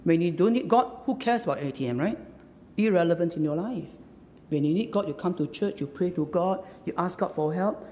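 Animated preacher in a reverberant hall. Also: mid-range voice, fairly quick, a little hiss or hum. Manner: emphatic, with repeated rhetorical questions; repeats phrases and tags lines with "huh?". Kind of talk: sermon.

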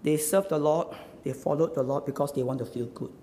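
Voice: mid-range voice, brisk, warm tone, big-room sound, a little hiss or hum. A preacher giving a sermon, emphatic and full of repeated rhetorical questions, tagging points with "huh?". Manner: repeats phrases and tags lines with "huh?".

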